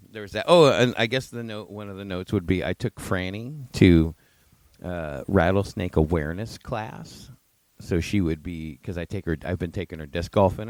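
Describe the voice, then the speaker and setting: A podcast co-host tells casual, profane stories, animatedly acting out what people said. His voice sits low, with no echo.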